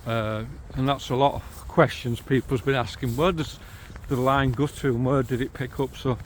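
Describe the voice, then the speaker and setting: A man's voice: mid-range voice, fairly even intonation, moderate pace, a little hiss or hum. A middle-aged man with a St Helens accent, chatting casually as he walks outdoors along canals and old railway lines, filming on a handheld camera. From St Helens, England. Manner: chatty, easygoing, cheerful about local sights. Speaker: vlogger guiding a railway walk. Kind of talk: casual walking-tour narration. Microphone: handheld camera while walking.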